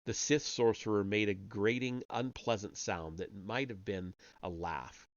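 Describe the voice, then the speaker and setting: This is a lowish male voice reading a story aloud on a live stream, unhurried yet with hardly any pauses. Character dialogue gets only light voicing, and he makes occasional slips and restarts. The audio is dull and lo-fi from a home mic, with no room sound.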